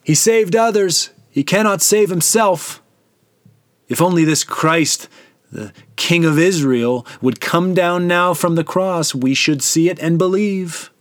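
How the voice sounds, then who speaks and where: Man putting on high, loud, taunting crowd of scoffers, sneering. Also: slow, no room sound, clean studio sound. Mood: mocking. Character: jeering male onlookers mocking a crucified man.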